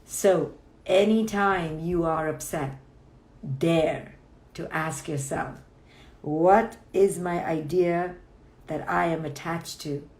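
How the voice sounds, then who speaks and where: A woman's voice: on the low side, slow pace, darkish tone, roomy sound. A woman, a psychologist, giving a playful, emphatic motivational talk on a livestream and acting out people's inner thoughts. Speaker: clinical psychologist hosting a book club livestream.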